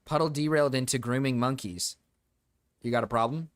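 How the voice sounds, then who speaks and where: A young man giving live-stream reaction commentary, excitable and swearing, laughing often and jumping into sudden high yelps. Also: brisk, no room sound, clean studio sound.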